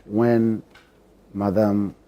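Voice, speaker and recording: A man speaking as a political panelist, choosing formal words with deliberate pauses. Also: lowish voice, little pitch movement, dull audio. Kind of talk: panel discussion.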